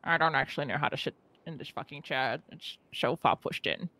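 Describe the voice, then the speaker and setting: A man's voice: a little high, a little fast, sharp tone. A man playing a police trainee in a role-play, grumbling wryly to himself.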